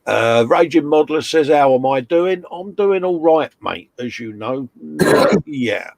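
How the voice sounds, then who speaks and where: A man's voice: fairly high pitch, animated, unhurried, vocal fry, a little mellow, dry recording. A man hosting a casual live stream, reading out chat messages and greeting viewers with a laugh. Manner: chatty, reads chat messages aloud, laughs often.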